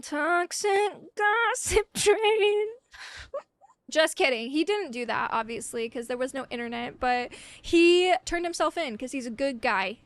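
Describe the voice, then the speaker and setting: A woman's voice: high-pitched, lively intonation, normal speed, dry recording. A woman hosting a casual comic-book history video, rambling and irreverent and swearing freely.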